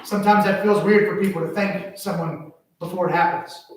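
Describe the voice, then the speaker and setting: A high-voiced man preaching a sermon in a church, his voice ringing through a very echoey hall. He sounds like he is standing well away from the mic. He tells stories with animated swings between hushed asides and loud exclamations. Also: a little fast, distant mic, a little hiss or hum. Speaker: pastor. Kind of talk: sermon with personal story. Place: church sanctuary.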